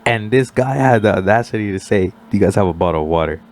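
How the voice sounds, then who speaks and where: A young man with a lowish voice tells a story on a casual podcast. He talks loosely, fills gaps with "like", and acts out the other people's lines as he goes. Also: fast talker. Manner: animated storyteller, acts out quoted voices, many "like" fillers. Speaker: podcast guest.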